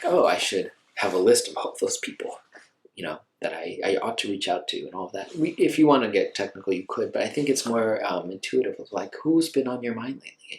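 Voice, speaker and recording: Man, lowish voice, meditation teacher, relaxed conversational delivery, lots of filler words. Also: poor audio. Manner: conversational, gentle, many fillers like "like". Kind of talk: informal dharma talk.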